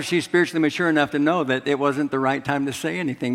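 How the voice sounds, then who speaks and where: A man's voice: on the high side, fairly even intonation, fast, hardly any pauses, a bit bright. Middle-aged guy preaching to his church, tells stories, gets folks to answer back, long echo from a big sanctuary. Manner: storytelling, asks the congregation to respond. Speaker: pastor. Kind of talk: sermon. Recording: long hall reverb.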